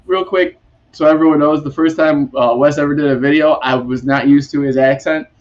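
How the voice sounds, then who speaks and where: A man's voice: a little high, steady tone, fairly quick, dull audio. A man hosting a casual podcast chat, rambling and laughing often. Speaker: podcast host.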